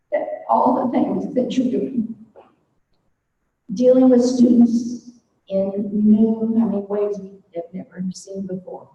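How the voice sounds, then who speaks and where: An older woman speaks earnestly to a room of faculty, her talk halting and emotional. Her voice is mellow and comes from well back in a very echoey hall. The recording is muffled. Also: mid-range voice, recorded from a distance, slight background noise. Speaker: speaker at a faculty development day. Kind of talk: devotional talk.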